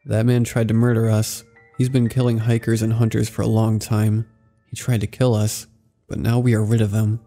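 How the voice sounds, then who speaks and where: A man voicing a wounded young male camper who explains what happened in a steady way. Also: lowish voice, normal speed, faint music behind, close to an everyday voice. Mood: weary.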